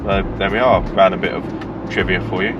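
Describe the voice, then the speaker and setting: A man, hosting a car vlog in casual, deadpan joking chat. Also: deep voice, fast talker, dull audio, background noise. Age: 30s. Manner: playful, deadpan joking, stumbles over words. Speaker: vlog host. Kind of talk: casual chat while driving and on location. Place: small car on the road, then outdoors by the sea.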